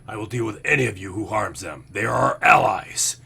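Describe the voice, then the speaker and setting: A man voicing a huge, menacing bugbear warlord who gives slow, loud, commanding pronouncements at a tabletop game. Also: lowish voice, animated, gravelly, slightly rough, full character voice. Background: faint background music.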